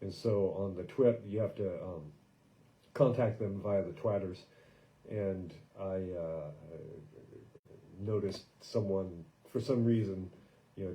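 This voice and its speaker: A man's voice: low-pitched, dark tone, rough recording. A man hosting his own podcast in a casual, rambling monologue, joking and poking fun at himself, with loose fillers, recorded indoors in a workshop studio. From lives in Paris. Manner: jokey, self-mocking, loose with fillers. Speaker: podcast host and musician.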